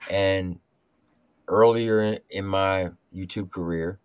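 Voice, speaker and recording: Low-voiced man teasing. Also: fairly even intonation, slow pace, smooth, no room sound. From Louisiana, USA. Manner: teasing, joking. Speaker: co-host. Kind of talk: casual livestream banter.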